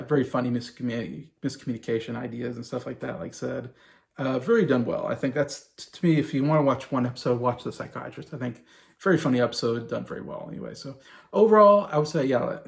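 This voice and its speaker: A gravelly, medium-pitched voice belongs to a man around forty casually reviewing a TV show. He rambles through a loose retelling packed with fillers and chuckles.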